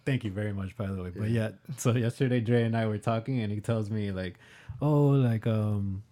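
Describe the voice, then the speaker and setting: A man's voice: lowish voice, steady tone, quick pace, dark tone. A man co-hosting a casual podcast, telling stories in a loose, profane way. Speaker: podcast co-host.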